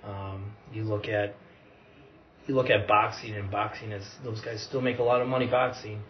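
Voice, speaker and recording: A relaxed man explains things in a calm, measured way. He sounds set back from the microphone. The recording is muffled and carries a light hiss. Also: fairly low pitch. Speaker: wrestling coach, guest. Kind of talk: casual podcast conversation. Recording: distant, dull, faint noise.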